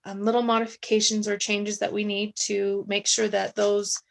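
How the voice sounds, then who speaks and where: A woman's voice: medium pitch, flat delivery, moderate pace, vocal fry, poor audio. A woman city staffer at home, presenting a subdivision plan to a council over a video call, chatty and apologetic with many fillers, losing her voice.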